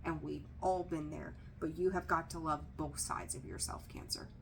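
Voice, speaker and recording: A woman's voice: sits low, steady tone, moderate pace, vocal fry, a little hiss or hum. A woman giving a casual tarot reading to camera, direct and emphatic, repeating her key points and dropping candid, slightly profane asides. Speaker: tarot reader.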